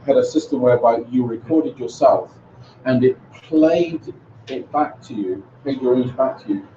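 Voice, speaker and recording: A man's voice: medium pitch, moderate pace, mellow. A man presenting a seminar to English teachers, telling classroom stories in a chatty way with many restarts. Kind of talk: conference seminar talk. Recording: roomy, distant, dull lo-fi with faint noise.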